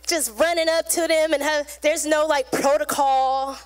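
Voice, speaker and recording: A woman preaching to a congregation in an easygoing, chatty style. Her voice sits high, and she keeps things loose and conversational, dropping into short acted-out lines now and then. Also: fairly even intonation, measured pace, soft background music. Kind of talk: sermon.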